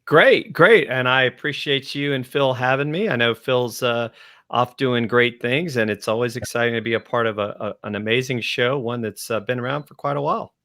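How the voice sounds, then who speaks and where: A man's voice: medium pitch, moderate pace, sharp tone. A man co-hosting a talk show, speaking in an upbeat, enthusiastic, casual way. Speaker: co-host. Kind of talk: casual chat.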